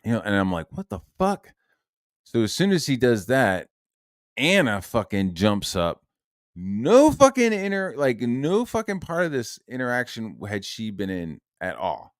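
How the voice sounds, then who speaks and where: A man's voice: medium pitch, huge pitch swings, a little slow, no echo, clean studio sound. A man ranting in a heated, profane and sarcastic monologue. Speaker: online commentator.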